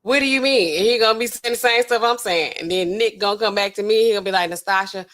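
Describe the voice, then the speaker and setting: A woman's voice: mid-range voice, fast talker. A woman hosting a livestream, casually retelling a dating show with AAVE speech and acting out the people in it. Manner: animated, acts out dialogue with voices. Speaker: livestream host. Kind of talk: casual storytelling chat.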